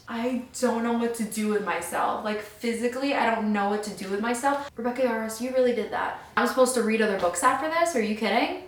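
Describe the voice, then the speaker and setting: A young adult woman vlogging her reactions to a book, gushing and excitable with lots of filler words. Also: medium pitch, recorded from a distance, slight background noise. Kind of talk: casual reading vlog reactions. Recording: roomy sound, mic set back.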